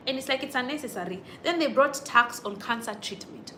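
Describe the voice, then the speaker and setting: A woman's voice: on the high side, lively intonation, moderate pace, bright, forceful tone, a little hiss or hum. A young Kenyan woman hosting a casual livestream from home, reading viewer comments in an emotional, indignant, exclamatory way. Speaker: livestream host.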